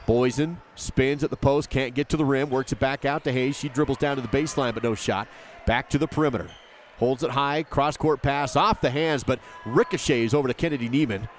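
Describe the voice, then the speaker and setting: A man calling a high school basketball game play by play, rapid and rising with each basket. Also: slight background noise. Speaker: play-by-play commentator. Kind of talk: live basketball commentary.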